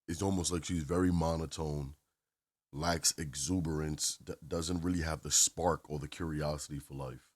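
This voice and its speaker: Very deep-voiced man giving blunt commentary. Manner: opinionated, repeats phrases. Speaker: channel host commenting on a clip. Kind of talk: reaction commentary.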